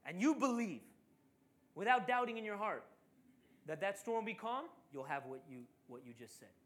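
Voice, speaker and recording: A male preacher delivers a sermon in an animated storytelling manner. He acts out the voices of the figures in the passage he reads, jumping high for the frantic ones and sinking low for the calm ones. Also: normal speed.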